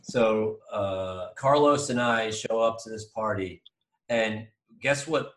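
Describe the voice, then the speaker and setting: Man, 30s, podcast co-host; low voice, rambling storytelling, sounds off-mic in a roomy space. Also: slow pace, distant mic. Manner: rambling, animated storytelling with restarts. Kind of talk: casual storytelling chat. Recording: echoey room, voice off-mic.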